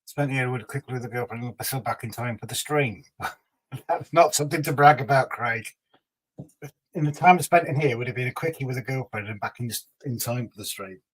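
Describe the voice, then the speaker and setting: A man's voice: medium pitch, a little fast, rough recording. A man hosting a casual livestream, reading out viewer comments and teasing them in a chatty way. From Scotland. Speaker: livestream host.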